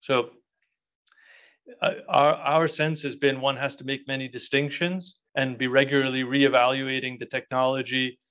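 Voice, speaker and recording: A man, a monastic prior, giving a measured keynote speech and then answering a question with many pauses and fillers. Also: medium pitch, little pitch movement, a bit bright, lo-fi sound. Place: conference hall.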